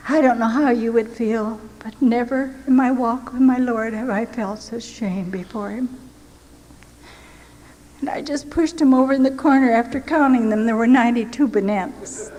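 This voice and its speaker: A woman's voice: a little high, moderate pace, a little mellow. An older woman telling her wartime testimony as a missionary, in earnest, dramatic storytelling. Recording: echoey hall with faint noise.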